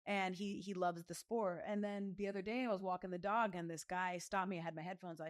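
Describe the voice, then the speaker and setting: Woman in her thirties, chatty storyteller, mid-pitched voice, lively delivery. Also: quick pace, hardly any pauses. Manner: animated, acts out other voices with big pitch jumps. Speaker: guest, professional fighter. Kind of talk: casual storytelling interview.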